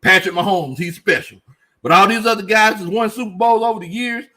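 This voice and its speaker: A man's voice: high-pitched, brisk, pushed and bright. A man hosting a casual sports commentary livestream, reading out chat comments and joking, repeating lines for emphasis. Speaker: sports show host.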